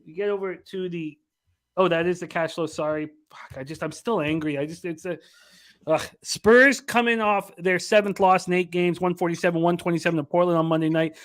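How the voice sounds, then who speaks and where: High-pitched guy running a betting show, swears a lot, sounds fed up and rambly. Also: steady tone, fairly quick. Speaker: sports betting podcast host. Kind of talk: casual sports betting talk.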